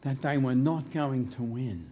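A man's voice: medium pitch, measured pace, warm tone. A man preaching a sermon in church into a microphone, emphatic and humorous, drawing his phrases out. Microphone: handheld microphone.

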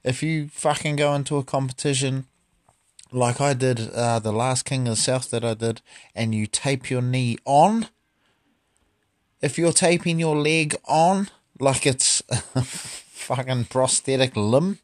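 A man's voice: mid-range voice, a little slow, no room sound, studio quality. A man, a martial artist talking bluntly and profanely in a casual monologue.

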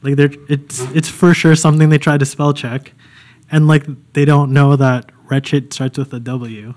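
A young man co-hosting a podcast, chatting in a relaxed, loose and joking way. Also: medium pitch, normal speed. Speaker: podcast co-host. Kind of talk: casual podcast chat.

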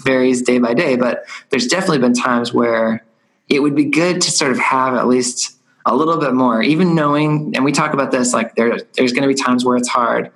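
A man's voice: mid-range voice, brisk, a bit bright, low-quality recording. A man hosting a podcast conversation, thinking aloud in a loose, rambling way. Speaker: podcast host. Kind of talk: casual conversation.

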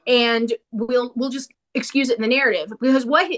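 A woman talking casually about a movie she watched, animated and opinionated, with quick asides. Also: on the high side. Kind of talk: casual movie review chat.

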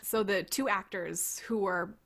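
A woman's voice: mid-range voice, fairly even intonation, a little slow, fairly bright tone. Woman podcast host, casual chat, rambling tangents, laughs a lot. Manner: chatty, rambling, laughs often.

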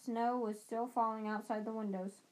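A woman's voice: fairly high pitch, fairly even intonation, normal speed, a little mellow, poor audio. A woman reading a novel aloud as an amateur audiobook reader, with occasional slips and restarts.

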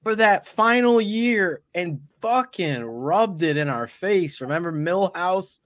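A man's voice: high voice, expressive, takes it slowly, a bit bright, no echo. A man co-hosting a casual sports talk show in a studio, ranting heatedly with plenty of profanity. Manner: heated, profane, storytelling rants. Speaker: podcast co-host. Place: podcast studio.

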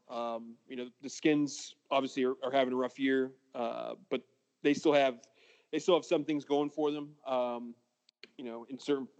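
A man's voice: mid-range voice, darkish tone. A man hosting a sports podcast, laid-back and hesitant, full of ums as he makes his pick. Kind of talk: casual sports talk.

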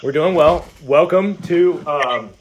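A young man hosts a casual podcast in a relaxed, unhurried way. He often hesitates and fills pauses. Faint noise sits under his voice. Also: on the high side, muffled recording. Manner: laid-back, hesitant, with many fillers. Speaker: podcast host. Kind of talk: casual chat.

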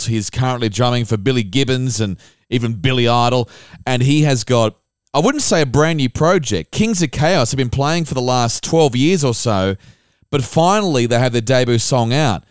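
A man's voice: medium pitch, smooth, no room sound, clean studio sound. A man hosting a music podcast, enthusiastic and chatty. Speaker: podcast host. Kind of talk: upbeat podcast intro and interview.

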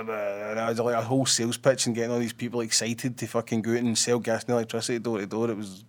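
A man's voice: mid-range voice, flat delivery, fast, hardly any pauses. Sweary Scottish man telling stories. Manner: sweary storytelling, laughs often. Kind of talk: casual banter.

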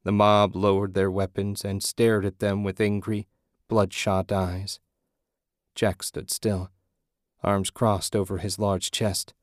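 A man giving steady, measured scripted narration of an audiobook. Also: on the low side, dry recording, studio quality.

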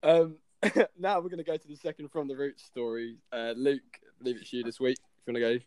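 A man's voice: mid-range voice, flat delivery, brisk, darkish tone, no echo. A man hosting a casual podcast chat, chuckling as he introduces segments. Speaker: podcast host.

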